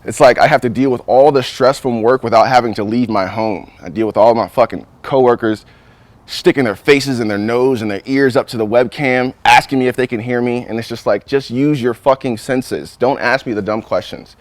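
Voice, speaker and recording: A man's voice: mid-range voice, brisk, no echo. A young man doing a crude, rambling stand-up routine who keeps saying "you know what I'm saying.". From North Carolina. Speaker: stand-up comedian. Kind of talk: profane stand-up monologue.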